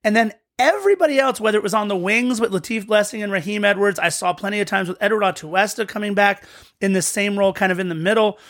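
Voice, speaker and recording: A man's voice: high voice, quick pace, fairly bright tone, dry recording, clean studio sound. A man co-hosting a podcast, talking through a soccer match in an eager, rambling way with frequent restarts. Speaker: podcast co-host. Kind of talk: casual match-recap chat.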